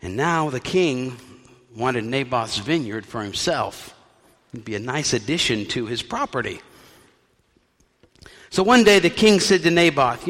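A man's voice: mid-range voice, very animated, unhurried, pauses often, a bit bright, long reverb tail. A male pastor preaching a sermon in a conversational storytelling way with wry asides.

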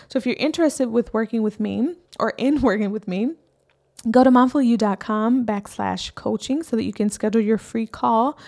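Encouraging woman coach, slightly high voice. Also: gravelly, a little mellow. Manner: encouraging, often adds "right?". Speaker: healing coach. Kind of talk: casual motivational talk.

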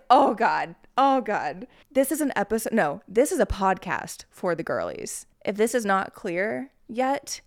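A woman's voice: mid-range voice, sing-song, a little slow, hardly any pauses. A young adult woman hosting a solo podcast, rambling and swearing freely while mocking herself. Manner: rambling, profane, self-mocking. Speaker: podcast host. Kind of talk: casual solo podcast monologue.

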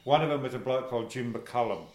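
A man's voice: medium pitch, a little mellow. Older Australian man recalling his soccer days. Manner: casual, anecdotal, halting with fillers. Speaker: interviewee, former soccer player. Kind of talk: oral history interview. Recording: echoey room.

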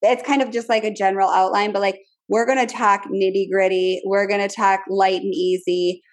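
A woman's voice: flat delivery, normal speed. A woman in her thirties co-hosting a casual podcast, playful and laughing, mimicking others in a mocking voice. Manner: playful, laughing, acts out quotes in a mocking high voice. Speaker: podcast co-host. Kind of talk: casual chat.

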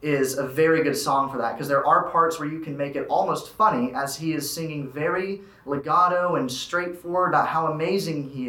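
A teenage boy talks earnestly about dialects and singing, in a slightly high voice. His tone is bright and forward. The room adds a lot of echo. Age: high school student. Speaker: student actor. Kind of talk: explaining dialects on a school podcast.

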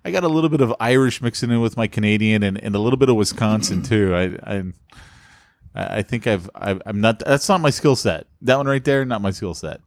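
A man's voice: on the low side, a little fast, dry recording, clean studio sound. A man co-hosting a podcast in casual chat, teasing his partner and laughing often. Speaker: podcast co-host.

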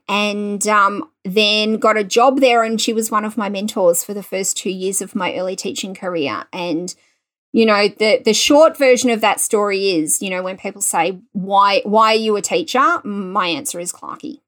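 A woman's voice: mid-range voice, moderate pace. Aussie woman in her 40s chatting on a podcast, funny and self-deprecating. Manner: lively anecdotal, self-deprecating humor. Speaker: guest teacher educator. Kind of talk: conversational storytelling.

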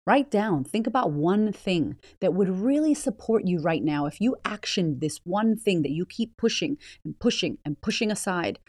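A woman's voice: on the low side, animated, moderate pace, a little mellow, dry recording, clean studio sound. A woman hosting a motivational podcast, blunt, swearing freely and firing rhetorical questions at the listener. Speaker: podcast host.

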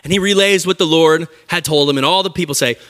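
Bright-voiced, energetic male preacher. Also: a little high, quick pace. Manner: energetic, joking, addresses the audience directly. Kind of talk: lively conversational sermon. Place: church service before a live audience.

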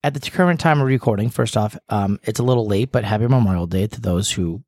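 A man's voice: fairly low pitch, fast, darkish tone, no echo. Joking, rambling male podcast co-host, dry sound. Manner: jokey, rambling, talks sports stats. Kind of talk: casual chat.

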